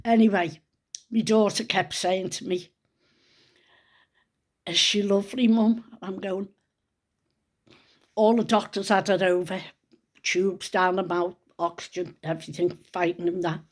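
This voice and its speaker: Older woman, emotional storyteller, hushed and close to tears. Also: medium pitch, steady tone, a little slow, long pauses. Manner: hushed and tearful at times, drops to whispers. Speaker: grandmother telling a personal story.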